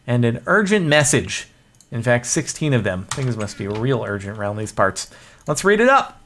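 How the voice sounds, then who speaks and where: A man's voice: mid-range voice, lively intonation, normal speed, fairly bright tone. Man, gaming host, casual self-mocking commentary. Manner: jokey, self-mocking, chatty.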